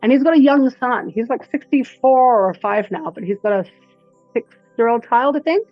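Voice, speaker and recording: Animated woman breathwork instructor, dull dry sound. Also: fairly high pitch, normal speed, no echo, soft background music. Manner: animated storyteller who acts out quotes. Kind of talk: casual interview chat.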